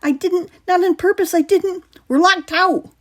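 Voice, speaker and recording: A woman voicing a frightened young boy who stammers and shouts in a raised, strained voice. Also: high-pitched, big pitch swings, extremely slow, pitched above the performer's own voice, heavily acted. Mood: panicked. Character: panicky middle boy, stammering.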